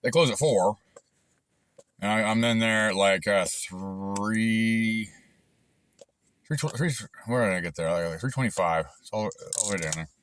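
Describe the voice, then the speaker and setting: A man's voice: lowish voice, a little slow, fairly bright tone, slight background noise. A man telling a long, frustrated story in a rambling, casual way with lots of fillers and restarts. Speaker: channel host recounting a dispute.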